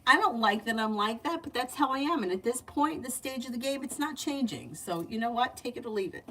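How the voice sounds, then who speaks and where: A woman's voice: fairly high pitch, animated, fairly quick, fairly bright tone. A woman giving tarot readings in a casual livestream, chatty and candid, laughing often. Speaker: tarot reader. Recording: distant mic, faint background noise.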